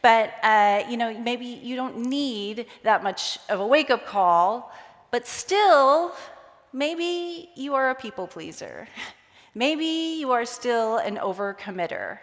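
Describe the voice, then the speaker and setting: A woman's voice: on the high side, slow pace. A woman giving a storytelling conference talk, acting out bits of dialogue as she goes. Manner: animated, acts out quoted dialogue. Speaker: conference speaker. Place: large conference hall. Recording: long hall reverb.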